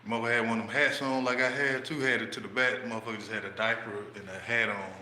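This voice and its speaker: Guy rambling stories on stream, real bright voice, echoey room. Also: on the low side, steady tone, fast talker. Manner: rambling, profane, loose. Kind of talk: casual storytelling. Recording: echoey room, faint background noise.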